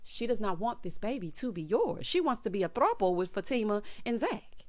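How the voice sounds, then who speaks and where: A woman vlogger who recaps a TV episode in casual commentary, sassy and animated, often talking straight to the characters. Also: medium pitch, a little fast.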